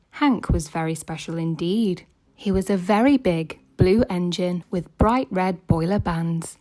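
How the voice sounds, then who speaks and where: A woman reading a children's train picture book aloud with steady, gentle storybook narration. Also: on the low side.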